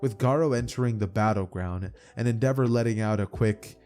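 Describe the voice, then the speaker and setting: A YouTube narrator with a lowish, mellow voice retells a fan-made anime story from home, talking briskly with hardly any pauses over soft background music. His delivery is casual and loose, packed with fillers and repeated uses of "as from here".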